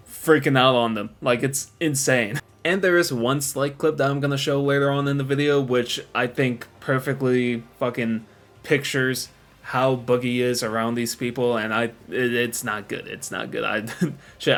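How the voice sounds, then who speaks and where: A man's voice: mid-range voice, steady tone, unhurried, fairly bright tone. Casual, profane man narrating commentary. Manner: loose, profane, filler-heavy. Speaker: commentary video host.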